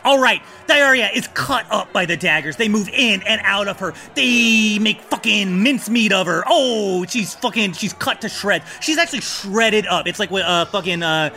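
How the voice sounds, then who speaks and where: A man running a tabletop game as game master, narrating in an animated, profane, rambling way. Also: high-pitched, moderate pace, few pauses.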